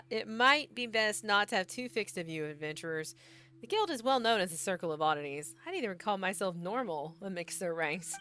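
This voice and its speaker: A woman voicing a forgetful, scholarly male adventurer, reading his lines in a measured, musing way. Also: mid-range voice, lively intonation, bright, forceful tone, a little hiss or hum.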